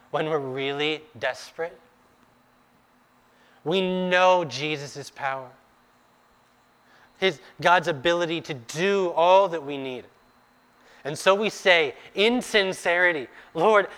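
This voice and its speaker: A man's voice: a little high, a bit bright. A man preaching a sermon, acting out the scripture's dialogue with rising intensity and sometimes dropping to a near whisper.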